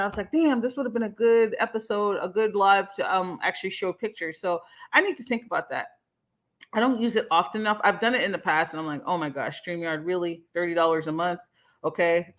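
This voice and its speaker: A young adult woman hosting a casual livestream, talking in an animated, emphatic way and swearing freely. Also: medium pitch. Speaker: livestream host.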